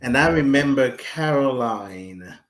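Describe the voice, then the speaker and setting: A man guest talking reflectively in a conversation, expressive and animated, slipping into emotional stories. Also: medium pitch, takes it slowly, reverberant, a little hiss or hum.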